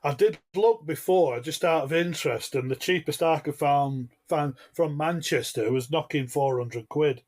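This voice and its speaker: A man's voice: on the high side, normal speed, few pauses, darkish tone. A man, a football reporter chatting on a podcast, rambling with many fillers. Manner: rambling, lots of uh and you know. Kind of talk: casual football podcast chat.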